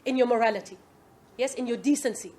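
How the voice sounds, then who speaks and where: High-voiced woman teaching an Islamic class. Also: quick pace. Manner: asks the class "Yes?" often, lively quoting. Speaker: religious teacher.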